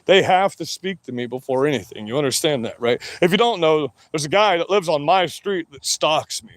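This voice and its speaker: A man's voice: a little high, expressive, brisk, no echo. A man hosting a livestream, taunting and cursing at viewers in a combative rant. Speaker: livestream host. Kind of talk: ranting livestream talk to viewers.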